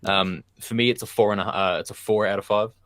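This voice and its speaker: Man, very low voice, dry close sound, relaxed podcast co-host, swears casually, laughs a lot. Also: fast talker, clean tone, dry recording. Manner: laid-back, swears freely, laughs often. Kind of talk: casual chat.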